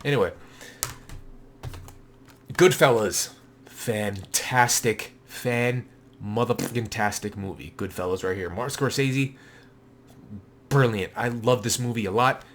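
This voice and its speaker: A man talking casually in a vlog, blunt and rambling, swearing freely and jumping between quick asides. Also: on the low side, fairly bright tone, a little hiss or hum. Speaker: collector showing his movie collection.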